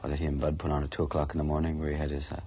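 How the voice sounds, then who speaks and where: A man's voice: a bass voice, completely flat delivery, very fast, warm tone. A man reminiscing in an interview, reflective and sometimes emphatic.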